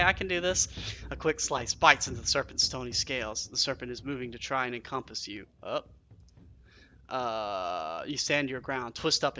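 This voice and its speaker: Bright, excitable man playing a game. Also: medium pitch, muffled recording, slight background noise. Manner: excitable, swears, chatty self-talk. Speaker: game streamer. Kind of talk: let's play commentary, reading game text aloud.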